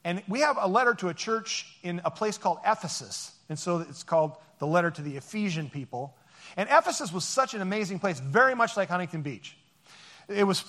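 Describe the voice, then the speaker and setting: Pastor guy, high-ish voice, jokey rambly sermon talk. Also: a bit bright. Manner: joking, rambling, chatty with many fillers. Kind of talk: conversational sermon.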